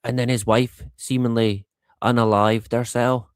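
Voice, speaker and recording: A man's voice: medium pitch, level tone, measured pace, clear, resonant tone, dry recording, clean studio sound. Rambling, laughing male livestream host. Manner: rambling and conversational, laughs often, swears. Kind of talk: casual monologue.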